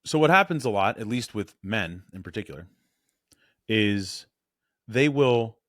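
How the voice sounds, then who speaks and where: A man coaching on voice and presence in a blunt, animated, casual way, correcting himself as he goes. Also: lowish voice, no room sound, studio quality.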